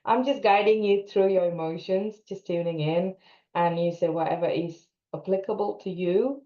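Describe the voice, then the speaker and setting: A woman coach guiding listeners through an EFT tapping session, calmly instructing them and repeating tapping phrases. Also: lowish voice, normal speed. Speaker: co-parenting coach. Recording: roomy, dull lo-fi sound.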